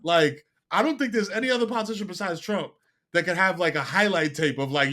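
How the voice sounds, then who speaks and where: A man's voice: high voice, fairly quick, pushed and bright. A man, a podcast guest, telling stories in a casual, slangy way, swearing often and putting on other people's voices. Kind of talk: casual chat.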